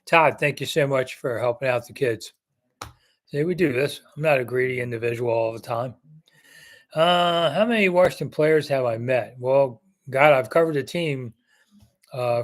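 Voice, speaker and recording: A man in his sixties hosting a casual live chat as a longtime sports reporter. He talks in a blunt, rambling way, full of fillers and old stories. His voice sits at an ordinary middle pitch. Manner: rambling, blunt, anecdote-telling with frequent fillers. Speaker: sports reporter and show host.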